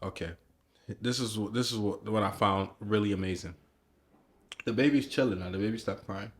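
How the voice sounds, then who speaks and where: Excitable young man telling a story. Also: fairly low pitch, brisk, slightly rough. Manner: animated, excited storytelling with many restarts. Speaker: podcast co-host. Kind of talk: casual storytelling chat.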